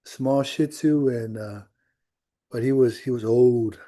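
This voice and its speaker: Mellow-voiced pastor telling a story. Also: male voice, medium pitch, slow pace. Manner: conversational storytelling with quoted dialogue. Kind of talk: sermon. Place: church.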